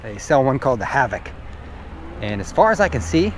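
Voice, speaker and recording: An older man talks casually while riding an e-bike outdoors, chatty and self-deprecating, his breath a little short. His voice sits at an ordinary pitch. Wind and passing traffic come through clearly behind him. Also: sing-song, a little fast. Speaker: e-bike vlogger. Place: outdoors on a high school track.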